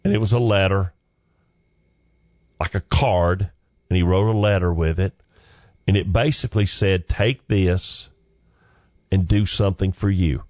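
A middle-aged man with a fairly low voice tells stories in a folksy, joking way. He is recorded close and dry, with no room sound. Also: measured pace, pauses often, darkish tone, no room sound. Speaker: comedian and former pastor. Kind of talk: storytelling talk.

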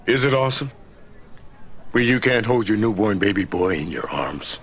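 An actor in a TV commercial playing a gloomy man cursed with a touch that turns things to candy, speaking in a flat, mournful, deadpan way. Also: on the low side, normal speed, heavily acted. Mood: glum deadpan. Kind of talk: TV commercial acting.

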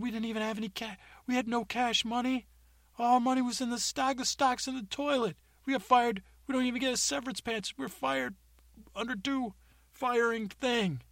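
Guy putting on a squeaky whiny fired tech worker, ranting frantic, gravelly edge. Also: fairly bright tone, dry recording, heavily acted.

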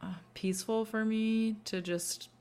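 A woman co-hosting a podcast, a mother speaking earnestly and reflectively with some halting pauses. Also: on the high side, steady tone, a little mellow, clear, resonant tone. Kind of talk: casual reflective chat.

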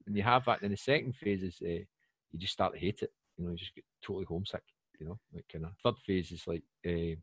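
British male, 40s, fast rambling anecdote-teller, husky low voice, dry close sound. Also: no room sound. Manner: rambling, animated storyteller with many fillers. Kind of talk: casual chat. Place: lives in Poland.

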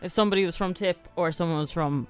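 A woman's voice: fairly low pitch, fast, smooth, soft background music. An Irish woman co-hosting a radio show, chatting in an easygoing, hesitant way. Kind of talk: casual radio banter.

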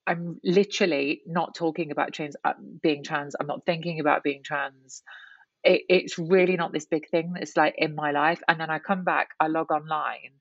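A woman's voice: low-pitched, steady tone, normal speed, no echo, muffled recording. A woman guest talking candidly in an interview, reflective and full of restarts and "you know"s. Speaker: guest, writer and columnist.

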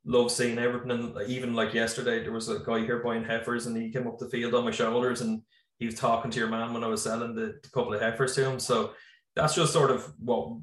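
This Irish man in his thirties, a farmer who founded a business, speaks quickly at medium pitch. He's casual on a video call, rambling with many fillers, heard via a computer mic slightly distant in an echoey room.

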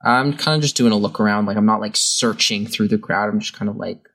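A man playing a tabletop role-playing game, describing his character's actions in a relaxed, hesitant way. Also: fairly low pitch, brisk, creaky, husky, poor audio. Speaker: player. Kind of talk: casual tabletop game play.

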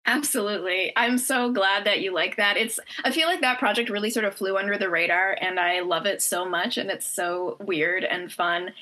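Woman, author guest, bright tone, casual interview chat, enthusiastic, filler-heavy. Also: mid-range voice, normal speed, few pauses. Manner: chatty, enthusiastic, many fillers. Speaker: novelist guest.

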